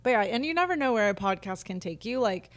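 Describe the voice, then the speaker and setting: Animated and quick, this medium-pitched woman in her twenties talks alone on her podcast while sitting on her living room couch. Her casual chatter slides into candid rants packed with filler words.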